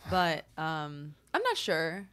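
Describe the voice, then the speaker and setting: Brief: woman co-host, lowish voice, loose and profane, quick to laugh. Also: wildly swooping pitch, a bit bright, clear, resonant tone. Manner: rambling, profane and laughing easily. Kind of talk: casual chat.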